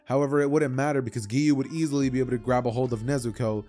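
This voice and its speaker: A young man casually retelling a fan-fiction story for his channel, rambling and animated with side comments. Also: medium pitch, rapid-fire, soft background music. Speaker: YouTuber.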